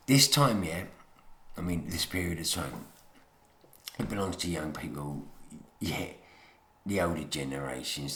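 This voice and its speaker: Brief: man, slow, sweeping pitch, contemptuous rant, roomy echo. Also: a bit bright. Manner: bitter, contemptuous ranting with repeated "mate". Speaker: speaker giving a talk. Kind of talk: ranting monologue. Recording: echoey room.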